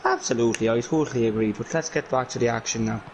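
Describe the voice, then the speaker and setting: A man's voice: mid-range voice, fast talker, close to an everyday voice. A breezy, chatty Irish co-commentator, put on by a man for a video game football match. He talks in an easy, agreeable back-and-forth. A noisy hiss sits behind the voice. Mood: upbeat.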